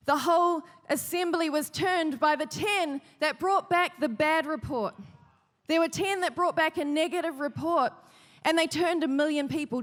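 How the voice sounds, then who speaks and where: A woman preaching a sermon, telling stories with lively, rising emphasis. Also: high-pitched, big-room sound. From New Zealand. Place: large hall.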